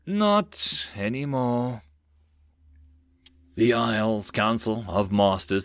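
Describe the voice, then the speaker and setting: A man narrating a web novel audiobook in a lively, expressive way. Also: lowish voice, no room sound, studio quality.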